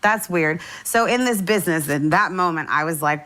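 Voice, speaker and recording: Young woman, St. Louis-raised singer, deep register, enthusiastic interview guest. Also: moderate pace, hardly any pauses. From St. Louis, USA. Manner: enthusiastic, animated storytelling with laughs. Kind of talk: casual interview chat.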